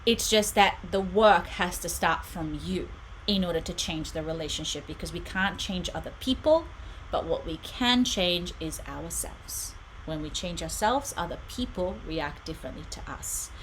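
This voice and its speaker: A middle-aged woman with a bright, slightly low-pitched voice speaks in a reassuring, conversational way. She is hosting a live stream and reads out viewer comments between her pieces of advice. A faint hiss of background ambience sits under her voice. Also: poor audio. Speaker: spiritual channel host.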